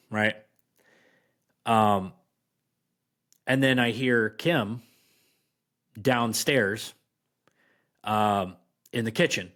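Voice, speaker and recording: A man of middle pitch telling a personal story as a podcast guest, rambling through fillers and restarts. He slows down and leans on key phrases for emphasis, keeping the tone conversational. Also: fairly bright tone. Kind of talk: casual storytelling.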